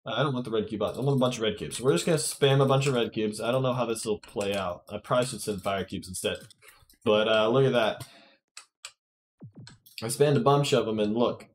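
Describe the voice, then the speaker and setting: A man's voice: on the low side, a little fast, a little hiss or hum. A man giving casual gameplay commentary to his viewers, chatty and often correcting himself. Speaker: gaming YouTuber.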